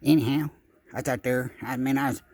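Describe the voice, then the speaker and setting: Folksy man with a husky voice. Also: mid-range voice, a little fast, dry recording. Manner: folksy, rambling, deadpan asides. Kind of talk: comic rambling storytelling.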